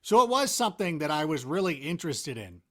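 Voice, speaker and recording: Male guest, 40s, higher and very lively voice, rambling self-deprecating storyteller. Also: fast talker. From Southern California, US. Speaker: sports analyst and guest. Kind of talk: casual interview chat.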